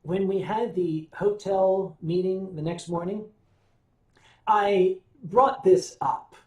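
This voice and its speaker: An older American man hosting a casual livestream, telling stories and answering viewer comments in a wry, unhurried way. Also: high-pitched, fairly even intonation. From United States. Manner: wry, unhurried storytelling with sips and hums. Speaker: livestream host. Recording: roomy sound, voice a bit off-mic.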